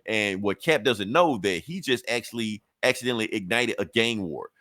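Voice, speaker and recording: A man recaps a comic episode on a podcast, rambling and swearing freely as he goes. His voice sits low, and the sound is dry and close with no room echo. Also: lively intonation, moderate pace, pushed and bright. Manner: loose, profane, rambling storytelling. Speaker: podcast co-host.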